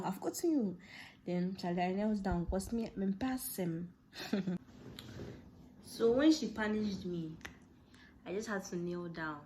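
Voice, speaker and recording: A young woman vlogger with a Ghanaian English accent tells a casual personal story, laughing and animatedly acting out the dialogue. Her voice is fairly low, with a measured pace and long pauses, and there's slight background noise.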